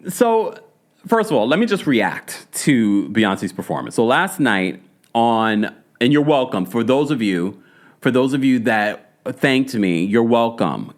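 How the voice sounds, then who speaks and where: A man with a Jamaican accent in casual, playful commentary, chatting to viewers with laughs and asides. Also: mid-range voice. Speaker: celebrity news commentator. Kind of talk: casual chat.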